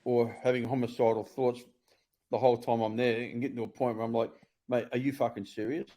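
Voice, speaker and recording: A man's voice: mid-range voice, little pitch movement, fairly quick, warm tone. A middle-aged Australian man talking bluntly and profanely in casual conversation. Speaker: former prisoner sharing his story.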